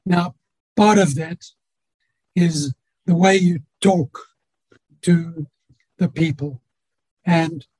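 A man speaking as a guest in an interview, giving earnest, gentle advice about relationships with homely examples. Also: a little high, breathy edge, no room sound, rough recording. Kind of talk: reflective conversational advice.

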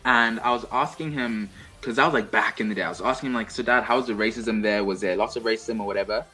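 A young man co-hosting a casual chat show, telling stories in an animated, chatty way. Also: fairly low pitch, fast talker, husky, faint music behind, rough recording. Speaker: co-host.

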